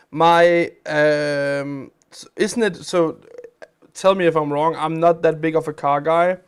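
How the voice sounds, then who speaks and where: A man with a slightly high, clear, resonant voice hosts a live game stream. He chats casually and rambles as he plays.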